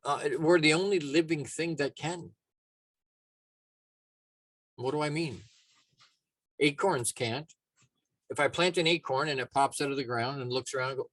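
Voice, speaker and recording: A man's voice: on the high side, moderate pace, long pauses, a bit bright, no room sound. A man giving a motivational talk as a life coach, casual and emphatic, often restarting his sentences.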